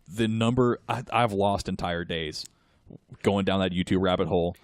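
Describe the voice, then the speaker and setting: A man's voice: low-pitched, moderate pace. A man co-hosting a casual podcast, telling rambling stories with many fillers. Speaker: podcast co-host. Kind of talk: casual chat.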